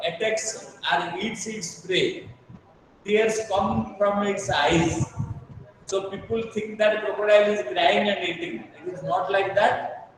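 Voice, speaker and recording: A man teaches a lesson, repeating his explanations patiently and asking whether the class has understood. His voice sits fairly high. He sounds distant in a very echoey room with a long reverb and a faint hiss. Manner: patient, repetitive, checks understanding. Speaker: English teacher. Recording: echoey room, mic far off.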